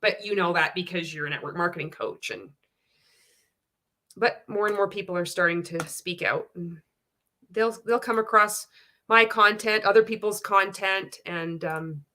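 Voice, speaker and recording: A woman's voice: on the low side, unhurried, long pauses, bright, forceful tone, a little hiss or hum. A woman giving casual live-stream commentary, blunt and profane, with frequent laughter. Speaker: anti-MLM commentator.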